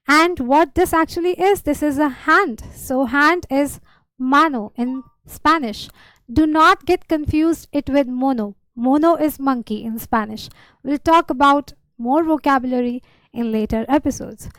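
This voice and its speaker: A woman's voice: sits high, a bit bright, no room sound, poor audio. A woman patiently teaching a beginner lesson, repeating words and giving simple examples. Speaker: language teacher.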